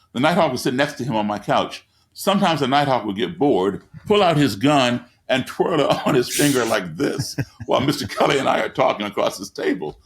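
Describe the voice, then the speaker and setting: Gravelly man telling emphatic stories. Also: medium pitch. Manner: emphatic, repetitive preacher-like cadence. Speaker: guest. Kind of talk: storytelling in an interview. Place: his home living room.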